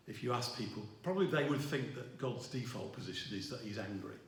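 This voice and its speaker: A middle-aged man, preaching a sermon in a halting way, with many restarts and fillers. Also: medium pitch, lively intonation, vocal fry, a bit bright, recorded from a distance. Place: church hall. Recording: roomy echo, voice from afar.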